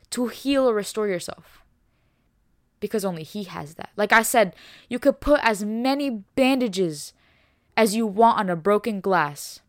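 A woman's voice: medium pitch, no echo, clean studio sound. A young woman hosting a faith podcast, preaching with passion and emphasis, repeating herself and dropping casual words like y'all and bro. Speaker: podcast host.

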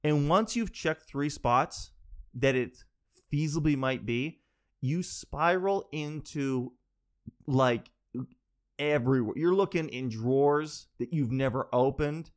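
A man doing a stand-up comedy monologue, telling a rambling, animated story with quick asides. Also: a little high.

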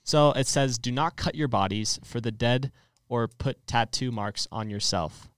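A man's voice: medium pitch, a little slow, fairly bright tone, clean tone, dry recording, clean studio sound. A young man hosting a casual religious discussion, earnestly explaining and leading the talk. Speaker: host.

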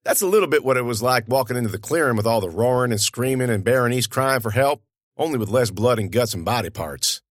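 Telling an audiobook story like he's chatting with a friend, a male narrator uses a mid-range voice, a fast pace and lively, rising-and-falling inflection. The recording is dry and close, free of room sound.

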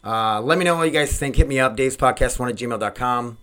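A man's voice: medium pitch, quick pace, a bit bright. Rambling, self-mocking man podcasting solo. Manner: rambling, self-deprecating, loses his train of thought. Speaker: podcast host. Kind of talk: casual solo podcast monologue. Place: home recording setup. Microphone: desk microphone.

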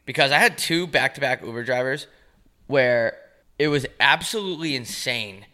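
A man in his twenties from Long Island co-hosting a podcast, telling stories in a dry, deadpan way. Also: mid-range voice, moderate pace. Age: 20s. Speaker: podcast co-host. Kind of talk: casual chat.

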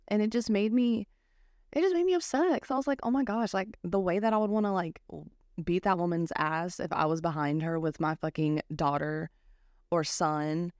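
A woman's voice: lowish voice, clear, resonant tone, dry recording, studio quality. A young woman in her twenties hosting a casual podcast, ranting with heavy swearing and a constant run of "like" fillers. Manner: ranting, profane, lots of "like" fillers. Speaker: podcast host. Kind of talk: casual chat.

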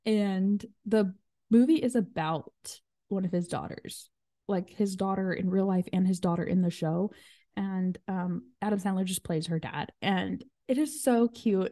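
Chatty woman with a dark, mellow voice. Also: mid-range voice, no echo, clean studio sound. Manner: chatty, full of fillers and "like". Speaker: podcast host. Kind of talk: casual chat.

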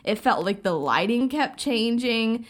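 A woman's voice: a little high, animated, measured pace. A woman co-hosting a podcast, talking through her opinion of a film in casual chat. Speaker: podcast co-host.

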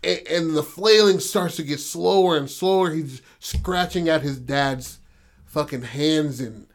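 A man's voice: on the high side, measured pace. A male podcast host retelling a story in a rambling, casual way, heavy with fillers and swearing.

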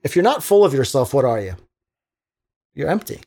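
A man who works as a teacher, talking casually on a podcast in an animated, motivational way, acting out little quotes. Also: mid-range voice, moderate pace. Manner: animated, preachy motivational talk with acted-out quotes.

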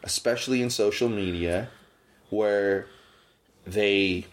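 This podcast host takes his time, speaking in a lowish voice during a casual chat. He grows animated as he rants, with his pitch jumping up at moments of indignation.

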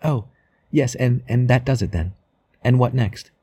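A man voicing a poised young wife in a dry, mellow audiobook recording, raising his voice and keeping her tone sweetly mocking and coolly in control. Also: mid-range voice, measured pace, slightly rough, dry recording, pitched above the performer's own voice.

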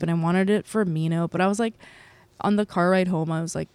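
A woman's voice: medium pitch, brisk, darkish tone, dry recording. A woman telling a candid personal story about being a mother, swearing freely and filling her talk with "like". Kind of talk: casual podcast chat.

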